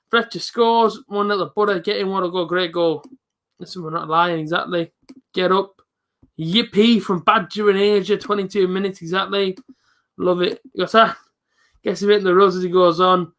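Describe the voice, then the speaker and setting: A young man hosting a live football reaction stream, chatting casually with viewers and breaking into excited shouts at big moments. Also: high voice. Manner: chatty, jumps to excited shouting at goals, reads out viewer comments.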